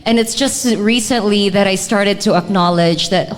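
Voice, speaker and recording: A woman's voice: mid-range voice, normal speed, in a large hall. A Filipino woman co-hosting a live podcast, speaking reflectively and dropping Tagalog words into her English. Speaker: podcast co-host.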